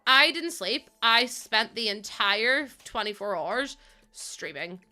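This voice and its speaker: A woman's voice: fairly high pitch, lively intonation, slow pace, pushed and bright. A young British woman streaming live from home, chatting casually with viewers, laughing often and swinging between playful squeals and mock grumbling. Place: home room.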